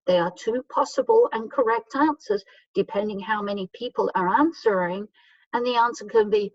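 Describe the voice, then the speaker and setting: A woman teaching English grammar to learners, patiently explaining and often checking understanding with "okay?", and reading example sentences slowly. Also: medium pitch, no room sound. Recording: dull, distant mic in a dry room.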